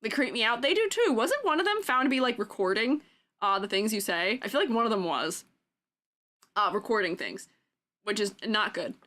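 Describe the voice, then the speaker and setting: A woman's voice: on the high side, expressive, normal speed, sharp tone. A young adult woman streaming, chatting casually and giggling with her viewers. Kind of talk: casual chat.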